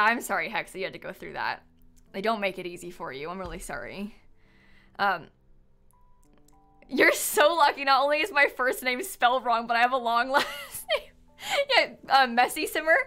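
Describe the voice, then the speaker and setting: A woman's voice: medium pitch, sharp tone. A young adult woman chatting casually and rambling with her live stream viewers, giggling often and using plenty of fillers. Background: faint music.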